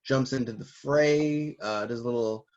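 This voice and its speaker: A man co-hosting a casual chat, animated, laughing often and swearing casually. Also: mid-range voice, moderate pace, lo-fi sound. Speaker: co-host.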